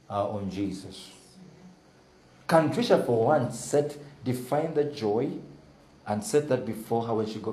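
Animated male pastor, echoey hall. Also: lowish voice. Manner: lively, call-and-response with the congregation. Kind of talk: sermon. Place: church.

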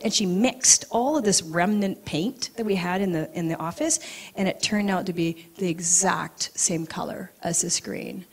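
At an event venue, a woman acupuncturist tells personal stories in a fairly low, husky voice at a moderate pace. She's animated, laughing as she acts out the people and quotes in her tales.

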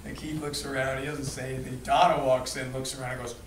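A man casually telling a lively anecdote to a group, acting out quotes and laughing along. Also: medium pitch, fast, very noisy. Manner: animated, laughing, acts out quotes. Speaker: storyteller recounting a memory. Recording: echoey room, distant mic, crowd behind.

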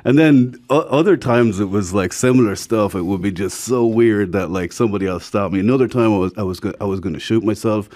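A lowish, fairly quick male voice with an Irish accent, rolling on with hardly any pauses. As a guest telling casual stories, he's frank and gets animated imitating the people he quotes.

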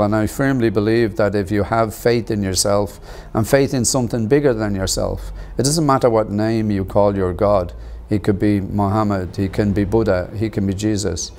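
Middle-aged guy telling his story, kinda low voice, slow and earnest with lots of uhs. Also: a little mellow. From Ireland. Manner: measured and earnest, with pauses and fillers. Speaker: actor and author interviewed about his book. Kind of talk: reflective personal storytelling.

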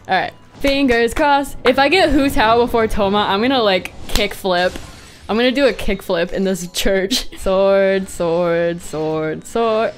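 A young woman gaming streamer giving dramatic, excitable commentary, often squealing and laughing, on a desk microphone. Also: fairly high pitch, moderate pace. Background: faint game music.

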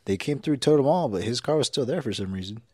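A man's voice: mid-range voice, expressive, fast, slightly rough, dry recording, clean studio sound. A young man co-hosting a podcast, easygoing in casual chat and often giving short agreeing replies. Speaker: podcast co-host.

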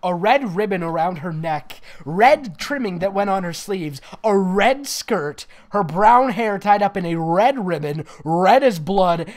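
A man's voice: sits high, lively intonation, a little slow, few pauses. A man reading bad fan fiction aloud with friends, often breaking into giggles. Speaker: fanfic reader.

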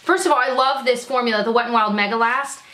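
A woman vlogging as she opens mail, gushing and excitable and laughing often; she works as a teacher. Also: a little high, fast talker. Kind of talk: casual unboxing chat. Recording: echoey room, faint noise.

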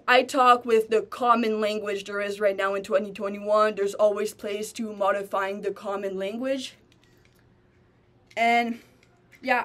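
A young woman vlogging alone to camera in a rambling, stream-of-consciousness way, often breaking off and restarting. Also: on the high side. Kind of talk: unscripted monologue to camera.

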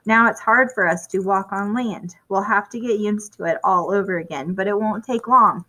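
A woman voicing a kind young Englishman who reassures his friend calmly. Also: medium pitch, moderate pace, rough recording. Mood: reassuring. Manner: calm, reassuring.

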